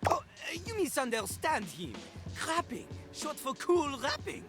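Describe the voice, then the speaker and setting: A cocky French-accented rapping toilet. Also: male voice, extremely high pitch, wildly swooping pitch, a little slow, over music, full character voice. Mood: swaggering. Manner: boastful, speaks of himself in third person. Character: cocky male toilet who raps, pompous French-accented. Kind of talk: video game voice acting.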